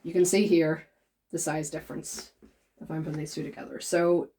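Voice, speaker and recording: A woman, chatting casually in a vlog and retelling a story with lively quoted voices. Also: low-pitched, normal speed, breathy edge. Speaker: vlogger.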